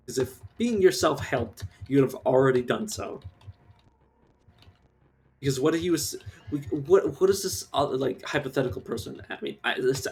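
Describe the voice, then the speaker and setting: A man's voice: medium pitch, vocal fry. A man streaming a game live, ranting casually with lots of swearing and filler words. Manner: rambling rant, swears, many fillers. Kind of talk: casual live-stream commentary while gaming.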